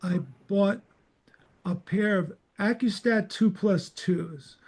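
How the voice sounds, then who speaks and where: High-voiced older man telling animated stories. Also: takes it slowly, breathy edge. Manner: animated anecdotes, acts out dialogue. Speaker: podcast host. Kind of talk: casual storytelling chat.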